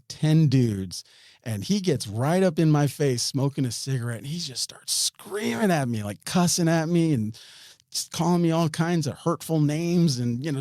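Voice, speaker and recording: Mellow-voiced man telling a rambling story. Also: mid-range voice, dry recording, studio quality. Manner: rambling, frequent restarts and chuckles. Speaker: podcast guest. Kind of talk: storytelling in an interview.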